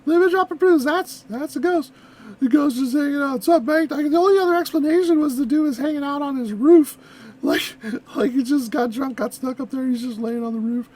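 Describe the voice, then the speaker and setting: A woman's voice: high-pitched, a little fast, a little mellow. A woman hosting a reaction video, chatting in a rambling, giggly way. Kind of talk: casual reaction commentary.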